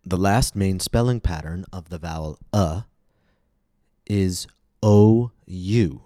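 A low, mellow American male voice delivers a scripted pronunciation lesson. He enunciates each word slowly and carefully, leaving pauses for repetition. The sound is dry and close to the mic. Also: no room sound. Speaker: pronunciation teacher.

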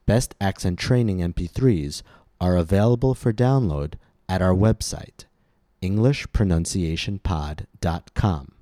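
A man with a very low, warm voice leads a pronunciation lesson. He speaks slowly and enunciates each word with care for learners to repeat. The sound is dry and close, with no room echo. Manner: slow, careful, clearly enunciated delivery. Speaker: pronunciation teacher and podcast host.

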